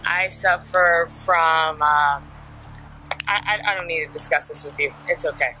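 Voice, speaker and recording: A woman's voice: deep voice, a little slow, pushed and bright, slight background noise, low-quality recording. A woman being questioned by police at a roadside stop, answering insistently and argumentatively but formally. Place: roadside at night.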